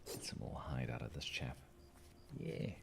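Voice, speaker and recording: Playful deep-voiced gravelly man gaming. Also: wildly swooping pitch, unhurried, fairly bright tone, a little hiss or hum. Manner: playful, chatty, talks to the game's creatures. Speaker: gaming channel host. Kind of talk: let's-play commentary.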